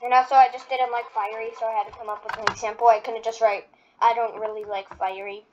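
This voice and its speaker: A woman's voice: fairly high pitch, level tone, fast talker, noisy background. Rambling woman on a lo-fi mic. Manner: rambling, many fillers. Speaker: video creator. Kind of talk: casual commentary reaction video.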